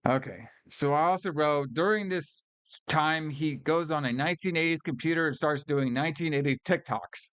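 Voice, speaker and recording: A man co-hosting a film podcast, his voice sitting a little higher than most men's. He chats loosely, swears freely and laughs a lot, recorded close and dry with no room sound. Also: moderate pace, a bit bright, clean tone, no echo. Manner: loose, profane, laughs often, fond of "all right" and "brother". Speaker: podcast co-host. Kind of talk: casual film review chat.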